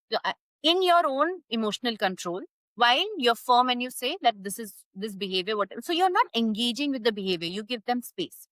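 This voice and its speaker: A woman's voice: a little high, expressive, fairly quick, fairly bright tone, no echo, rough recording. A woman, a parenting coach giving earnest, step-by-step advice as a podcast guest. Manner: firm, earnest, explains step by step.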